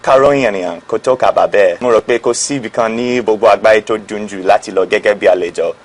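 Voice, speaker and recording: Fast-talking low-voiced man. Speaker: foreign visitor in a clip.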